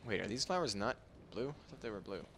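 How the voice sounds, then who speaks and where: A man giving casual, goofy gameplay commentary, laughing often and breaking into sudden excited outbursts. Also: fairly low pitch, quick pace, gravelly, a little hiss or hum. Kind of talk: casual let's-play commentary.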